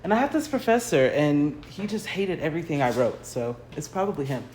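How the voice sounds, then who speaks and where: A woman's voice: deep voice, very animated, brisk, darkish tone, slight background noise. An American woman in a casual, rambling livestream chat from her home garage. She laughs often and uses lots of fillers as she paints. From United States. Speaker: artist hosting a livestream. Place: home garage, early morning. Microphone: phone livestream.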